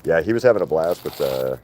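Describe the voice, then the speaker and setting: Low-voiced man rambling on a live stream. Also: warm tone, a little hiss or hum. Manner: rambling, halting, many fillers and restarts. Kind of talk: casual live-stream chat.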